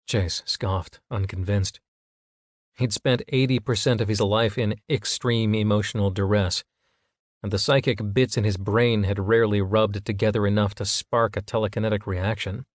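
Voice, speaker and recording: A man's voice: fairly low pitch, fairly even intonation, normal speed, dry recording. Man narrating an audiobook, dry. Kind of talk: scripted narration.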